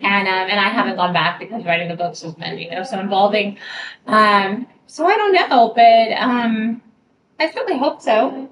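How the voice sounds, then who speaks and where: A woman's voice: medium pitch, moderate pace. A middle-aged woman, an author, telling stories to fans in a casual group interview, laughing often. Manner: chatty, laughing storyteller. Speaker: author answering fan questions. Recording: far from the mic with clear background noise.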